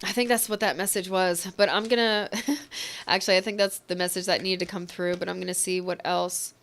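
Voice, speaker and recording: Smooth-voiced woman giving a tarot reading. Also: lowish voice, steady tone, a little fast. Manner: gentle, emotional, reassuring, choked up at times. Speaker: tarot reader.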